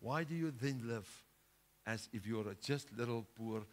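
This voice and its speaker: A male pastor preaching a sermon, driving his points home with rhetorical questions and swinging between loud outbursts and hushed lines. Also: mid-range voice, measured pace.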